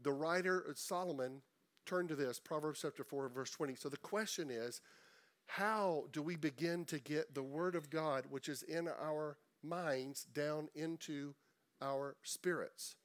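A middle-aged man preaching a sermon in a conversational way, repeating words and slowing down for emphasis. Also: fairly high pitch. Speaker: pastor.

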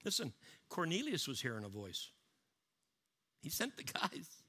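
A man preaching a sermon, swinging from loud emphatic lines down to low, hushed ones. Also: wildly swooping pitch, a little slow, slightly rough. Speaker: pastor.

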